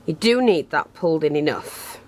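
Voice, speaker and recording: A woman whose voice sits low, with a darkish tone, talks animatedly at normal speed through a casual craft tutorial. She chats, teases herself and thinks aloud while working close to the camera. It's near her hands, picking up her breathing and a little hiss or hum.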